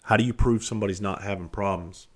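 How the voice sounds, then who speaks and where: Blunt deep-voiced man telling stories. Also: fairly even intonation, fast. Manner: profane, blunt, self-deprecating. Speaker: podcast host. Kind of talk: casual storytelling monologue.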